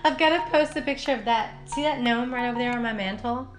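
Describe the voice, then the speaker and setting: A woman's voice: fairly high pitch, fast talker, a little hiss or hum. A woman co-hosting a podcast in casual chat, bubbly and playful, teasing her friend. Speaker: podcast co-host.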